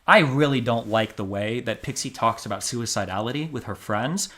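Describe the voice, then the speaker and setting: A man in his thirties from the United States, livestreaming blunt commentary in a mid-pitched voice. He stresses key words hard and loud, then drops to muttered asides. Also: moderate pace. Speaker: streamer. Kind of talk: livestream commentary reading a court transcript.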